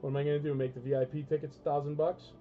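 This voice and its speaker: A man's voice: fairly high pitch, little pitch movement, racing, muffled recording, music in the background. A man hosting a live toy auction stream, blunt and joking, ranting between lots. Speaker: auction host.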